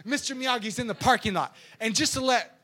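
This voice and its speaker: A young adult man preaching as a youth pastor, telling stories in a lively, animated way. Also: very high voice, a little fast. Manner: animated storytelling with sound effects and acted voices.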